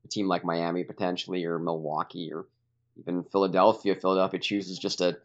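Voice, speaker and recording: A man calling into a sports podcast as a guest, talking through his picks in a measured, hedging way. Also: sits low, little pitch movement. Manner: measured, hedging, thinks out loud. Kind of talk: casual sports chat. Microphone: remote call. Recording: dull remote call line.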